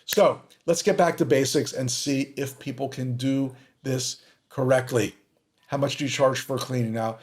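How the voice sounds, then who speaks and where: A man's voice: mid-range voice, fairly even intonation, moderate pace. A man hosting a podcast, commenting on recorded calls with sarcastic, exasperated asides. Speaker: podcast host.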